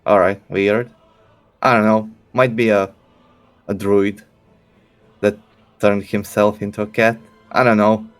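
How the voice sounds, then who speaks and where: A man's voice: lowish voice, flat delivery, unhurried, long pauses, faint music behind. A man playing a tabletop game, hesitant and often stammering. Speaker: player.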